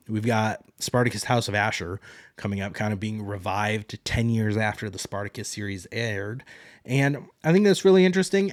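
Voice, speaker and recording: A man's voice: mid-range voice, dry recording, clean studio sound. A man hosting a solo podcast, recapping a TV episode in a casual, rambling way. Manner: casual, rambling, paraphrases characters in loose quotes. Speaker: podcast host.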